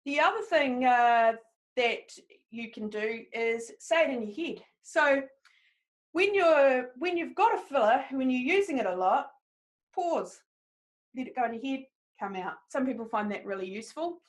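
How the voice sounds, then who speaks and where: A woman leads a live training webinar. Her voice sits high and bright in pitch, and she keeps an upbeat, encouraging tone as she speaks directly to her listeners. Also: lively intonation, moderate pace. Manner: upbeat, encouraging, talks straight to the audience. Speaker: presentation skills trainer.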